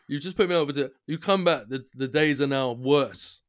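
A man's voice: medium pitch, moderate pace. A man, co-hosting a podcast, ranting through a story in casual chat and mimicking the people he dealt with. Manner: rants, mimics the people on the call. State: unwell. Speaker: podcast co-host.

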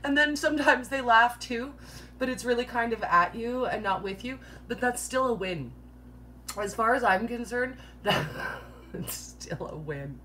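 A woman's voice: on the high side, normal speed, sharp tone, a little hiss or hum. A woman hosts a casual live-stream chat, rambling through playful jokes and breaking into giggles at her own humor. She peppers her speech with 'like' and keeps a light, teasing tone. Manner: joking, chatty, laughs often at her own jokes; filler-heavy, says 'like' constantly. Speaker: host of a live keto Q&A.

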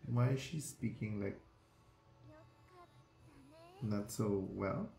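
A man with a low, gravelly voice talks slowly and swears freely as he reacts live to an anime. He exclaims at the screen with plenty of excitement. The sound is roomy and echoey, with faint music behind him.

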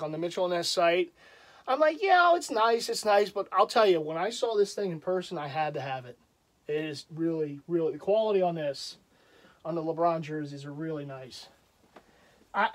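High-voiced chatty man, chuckling often. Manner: self-deprecating. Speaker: jersey collector vlogger. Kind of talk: casual show-and-tell vlog.

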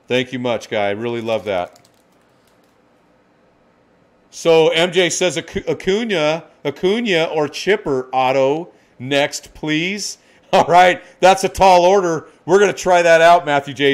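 A man hosting a live card-break stream, excitedly calling out each card and greeting viewers by name. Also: a little high.

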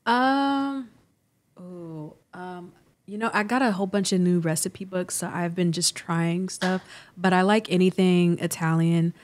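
A woman guest in a studio conversation, talking softly and hesitantly with many pauses and fillers. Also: fairly low pitch, steady tone. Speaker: guest musician. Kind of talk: casual conversation. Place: podcast studio.

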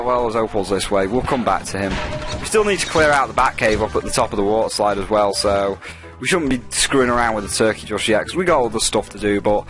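A man's voice: lowish voice, quick pace, a bit bright, soft background music. A man giving casual gameplay commentary as a let's play host, rambling and jokey with frequent swearing.

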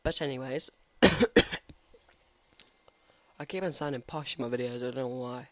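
A man's voice: medium pitch, a little slow, dry recording. A teenage man giving rambling, chatty let's-play commentary and talking back to game characters. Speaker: gaming commentator. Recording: slightly muffled lo-fi recording.

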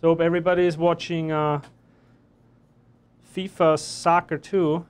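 A man's voice: on the high side, flat delivery, a little slow, smooth. A man chef teaching a live online cooking class, chatty and joking as he explains each step while he works in a kitchen. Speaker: chef instructor.

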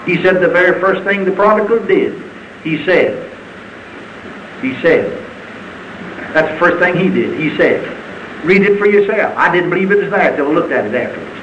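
A man preaching a sermon in a fervent, folksy style, with sudden high shouts. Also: lively intonation, normal speed, pauses often, muffled recording. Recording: archival sermon tape with faint hiss.

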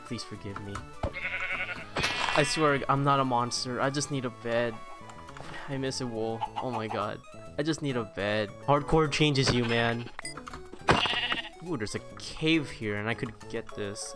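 Excitable man narrating his gameplay. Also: mid-range voice. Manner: excitable, self-mocking, talks to the game's mobs. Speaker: gaming YouTuber. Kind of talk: casual gameplay commentary. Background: background music.

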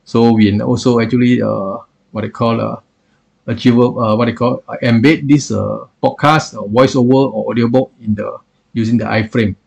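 A man demoing software on screen in a halting way, with lots of fillers like "what I call". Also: medium pitch, fairly even intonation, vocal fry, husky, dull audio. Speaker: software reviewer. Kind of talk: screen-recorded software demo.

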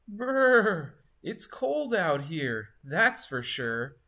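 A cheerful, shivering snowman, as a woman reads him aloud, stretches his words slowly and lets his voice swoop around. He sounds childlike and friendly, a storybook character fighting the cold. The delivery is unhurried and lively. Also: fairly low pitch, exaggerated voice.

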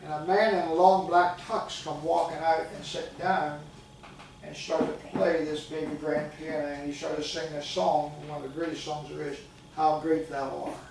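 A man's voice: fairly high pitch, level tone, normal speed, creaky, darkish tone, slight background noise. An older man preaching a sermon, telling stories in a folksy way and calling out to his congregation. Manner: folksy storytelling with call-outs to the congregation. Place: church sanctuary. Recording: echoey church recording from far off.

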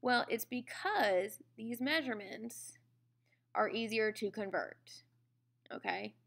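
A woman's voice: fairly high pitch, slow, vocal fry, fairly bright tone. A woman teaching a science lesson in a conversational way, often checking in with "okay?" and "all right?". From United States. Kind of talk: classroom lecture.

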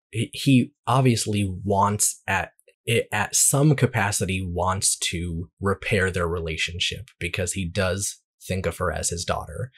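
Husky low-voiced man chatting about movies. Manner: rambling, animated, frequent restarts and fillers. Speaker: podcast co-host. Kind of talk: casual movie review chat.

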